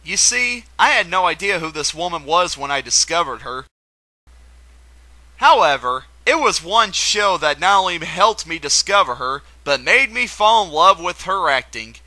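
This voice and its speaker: High, lively young man's countdown. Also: normal speed, no echo, rough recording. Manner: enthusiastic, with playful asides. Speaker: video host. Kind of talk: countdown commentary.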